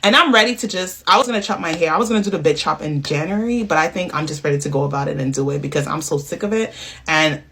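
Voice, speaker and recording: Brief: woman, raspy low voice, fed-up vent, repeats her points for emphasis. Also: fast, fairly bright tone. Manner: frustrated, emphatic repetition. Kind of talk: venting to camera.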